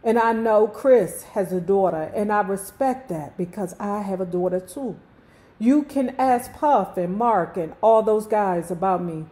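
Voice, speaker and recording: This book club host is a D.C. woman in her fifties whose thick local accent colors a medium-pitched, mellow voice. She reads aloud slowly with a drawl, stopping often for chatty jokes.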